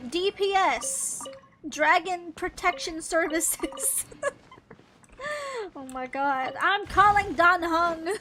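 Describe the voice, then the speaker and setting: A young woman with a high, bright voice chatters through her gameplay, rambling and giggling, breaking into sudden yelps. Game music plays clearly behind her. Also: takes it slowly. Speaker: gaming channel host. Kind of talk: casual gameplay commentary.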